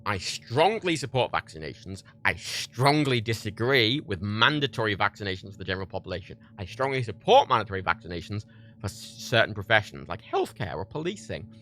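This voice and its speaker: A man's voice: fairly low pitch, a little fast, soft background music. A man hosting a livestream, ranting heatedly and swearing a lot as he gives his opinions. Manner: heated, profane, animated. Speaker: livestream host.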